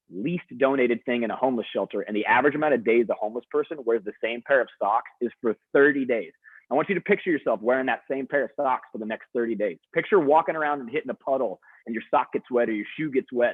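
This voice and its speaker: A young man telling an energetic, chatty story to students as a motivational speaker, heard over a video call. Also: medium pitch, dry recording. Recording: dry, husky, phone-like video call audio.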